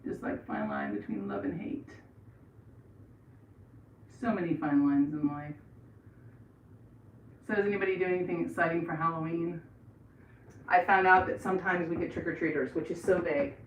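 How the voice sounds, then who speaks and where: This is a chatty, rambling American woman in middle age, hosting a casual livestream and reading out her viewers' messages. Her voice sits a little low. She is recorded from across an echoey home bathroom, with a faint hiss behind her. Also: fairly even intonation, moderate pace, pauses often. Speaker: livestream host. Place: home bathroom, painting trim. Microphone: camera set across the room. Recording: echoey room, voice far from mic, faint noise.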